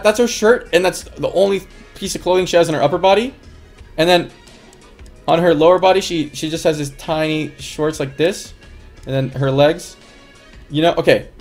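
A man with a fairly high voice tells a story to his stream chat. He rambles loosely, packing in fillers and bursts of laughter. Faint music plays quietly behind him. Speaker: livestreamer.

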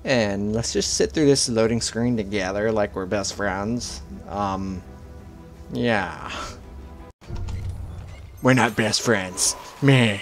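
A man's voice: lowish voice, slow, long pauses, faint music behind. A man giving rambling, profane let's play commentary as a gaming channel host, slipping into mock panic.

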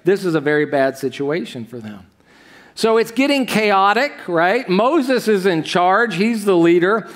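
A man preaches from a church stage in a loose, conversational way, tossing questions and asides to the congregation. His voice sits a little higher than most men's. He keeps things animated and chatty rather than formal. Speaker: pastor. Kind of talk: sermon.

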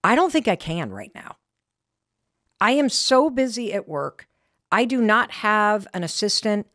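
A middle-aged woman with an American accent, hosting a podcast and telling a candid story in an animated way. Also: medium pitch, measured pace, dry recording, studio quality. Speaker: podcast host. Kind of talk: motivational podcast talk.

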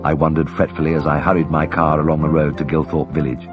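A man narrating an audiobook in a measured, gently wry storytelling manner. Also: extremely low pitch, little pitch movement, over music. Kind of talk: scripted narration.

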